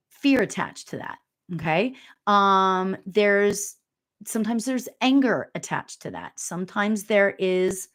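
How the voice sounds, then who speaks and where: A woman's voice: medium pitch, fairly bright tone. Chatty, giggly woman medium. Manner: chatty, giggly, lots of fillers and asides. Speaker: spiritual medium. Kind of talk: live reading, casual chat.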